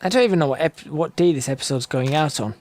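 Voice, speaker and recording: A man's voice: on the high side, quick pace, a little mellow. Chatty man narrating his gameplay. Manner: chatty, rambling, self-correcting. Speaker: gaming channel host. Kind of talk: casual gameplay commentary. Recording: game sounds and noise behind voice.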